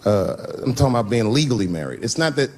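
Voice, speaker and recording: A man's voice: medium pitch, expressive, fast talker, darkish tone. A man in his fifties from Washington, D.C., telling profane stand-up stories with a conversational delivery. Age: 50s. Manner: profane, conversational, swings between voices. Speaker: stand-up comedian. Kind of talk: stand-up storytelling. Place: live comedy stage before an audience. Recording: noisy live venue recording.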